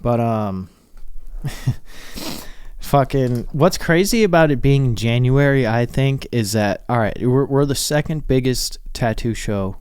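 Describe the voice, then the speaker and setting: Young male podcast host from Minnesota, smooth resonant voice, dry close mic, loose and profane. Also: medium pitch, animated, slow pace, darkish tone, no echo. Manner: rambling, swears freely, laughs often. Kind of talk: casual solo podcast monologue.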